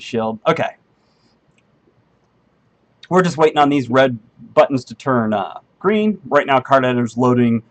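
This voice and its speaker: A man streaming while he programs, thinking aloud in a rambling, friendly way, full of ums and half-finished sentences as he answers his chat. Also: mid-range voice. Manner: friendly and self-deprecating, answers chat readers. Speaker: game engineer streaming live coding.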